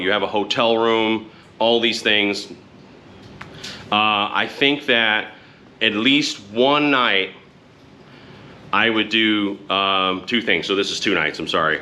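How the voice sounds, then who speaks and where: A man's voice: fairly low pitch, sharp tone. A middle-aged man chatting casually to camera as a motorcycle vlogger, rambling and frank, often correcting himself.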